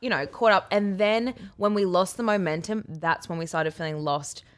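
A young woman co-hosting a podcast in a relaxed, candid chat, with a somewhat low voice for a woman. She gets animated and pokes fun at herself as she talks. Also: moderate pace. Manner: candid, animated, self-mocking. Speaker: podcast co-host.

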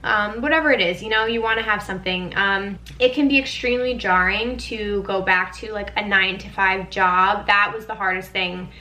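A woman's voice: mid-range voice, moderate pace, few pauses, sharp tone, a little hiss or hum, poor audio. A young woman hosting a podcast, telling a candid personal story in a chatty, casual way, with lots of "like" and frequent swearing. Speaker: podcast host.

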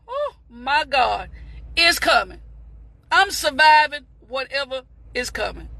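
A woman giving an impassioned motivational talk on a live stream, repeating phrases and breaking into shouts. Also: extremely high pitch, expressive, a little slow, gravelly, dry recording. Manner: fervent, preachy, repeats phrases, bursts into shouts; addresses viewers as "beautiful people".

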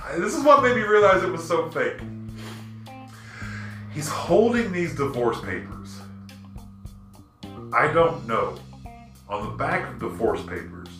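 Bright-voiced man ranting in an echoey room. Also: fairly high pitch. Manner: animated, profane storytelling and ranting. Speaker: podcast host. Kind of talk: casual chat. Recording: echoey room with music underneath.

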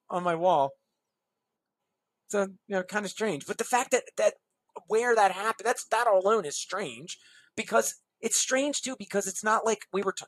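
A man telling a long anecdote as an interview guest, acting out quoted dialogue with lively shifts in his voice. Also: no echo. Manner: animated anecdotes, acts out quoted dialogue with pitch jumps. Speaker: guest, musician and designer. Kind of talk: storytelling in a podcast interview.

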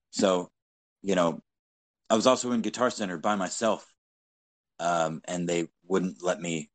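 Low-voiced man telling a profane story. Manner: blunt, profanity-laden, animated anecdotes. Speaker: podcast co-host. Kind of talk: casual storytelling chat.

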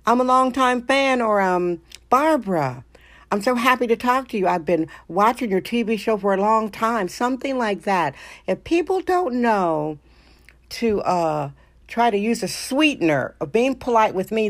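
A middle-aged woman from Wisconsin hosting her own show, talking in an emphatic, self-assured and opinionated way. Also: medium pitch. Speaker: podcast host. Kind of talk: casual monologue.

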